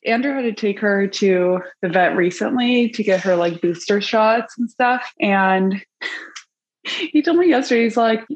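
A woman's voice: mid-range voice, measured pace, muffled recording. A woman co-hosting a podcast in casual chat, playful, dramatic and fond of swearing. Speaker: podcast co-host.

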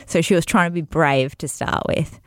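A woman chatting casually on a podcast, telling a story in an animated way, laughing often and acting out what people said. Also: sits low, normal speed, no room sound, studio quality. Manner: animated, laughs often, acts out quoted voices.

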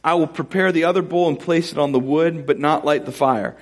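A man voicing a lone, defiant male prophet who taunts his rivals with a raised, drawn-out voice. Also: on the high side, pitched above the performer's own voice, close to an everyday voice.

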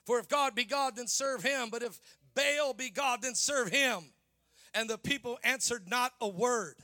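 A man preaching a sermon in a fiery revival style, shouting and drawing out his lines. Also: very high voice, unhurried, dry recording.

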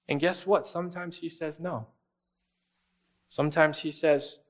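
A man preaching a sermon in a conversational style, asking the congregation rhetorical questions and adding quick asides. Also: on the high side, steady tone. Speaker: pastor.

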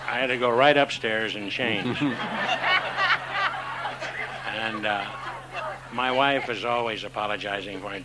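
A man's voice: fairly low pitch, measured pace, pauses often. Older man rambling through a story. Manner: rambling with restarts, chuckling. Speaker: panel guest. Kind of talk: anecdotal storytelling. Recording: noisy live panel recording.

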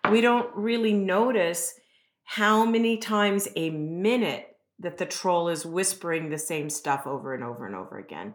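A woman's voice: on the low side, expressive, normal speed. Earnest woman explaining, roomy sound. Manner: earnest, explanatory, uses rhetorical "right?" and "you know". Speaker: guest expert on self-esteem. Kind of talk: conversational podcast explanation. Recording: roomy echo.

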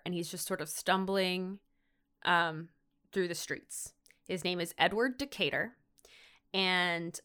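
A woman's voice: on the low side, a bit bright, clear, resonant tone. A woman podcast host chatting through an episode recap in a loose, rambling way. She leans on "like" and "um" constantly and slips into silly put-on voices for the characters she quotes. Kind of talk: casual comedic recap chat.

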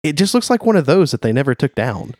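A man's voice: a little high, sing-song, fast talker, darkish tone, no room sound, clean studio sound. A man co-hosting a casual podcast, chatting and rambling about comics and laughing at his own jokes. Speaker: podcast co-host.

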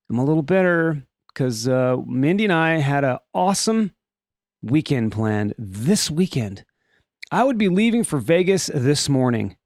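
A middle-aged podcast host jokes his way through odd news stories in a casual comedic chat, animated and putting on silly voices for quotes. His slightly high voice comes through dry, with studio quality.

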